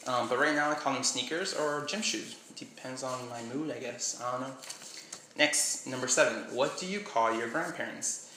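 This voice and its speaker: A man's voice: medium pitch, normal speed, bright, forceful tone. Young man, from Miami, casual vlogger, rambling asides, faint background hum. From Miami, Florida. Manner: chatty, rambling, self-doubting asides. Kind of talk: casual vlog, reading a list aloud. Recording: echoey room with faint hum.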